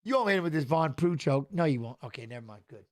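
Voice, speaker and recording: A middle-aged man hosting a live fight watch-along, excitable and shouting at the fighters while chatting with viewers. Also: a little high. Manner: excitable, talks fast over the action, shouts at fighters. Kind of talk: live fight commentary and chat.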